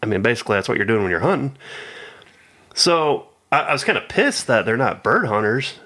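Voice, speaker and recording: A man's voice: medium pitch, very animated, brisk, bright, forceful tone. A man telling a long rambling story in casual chat with a friend. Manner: rambling anecdotal, acts out quoted voices.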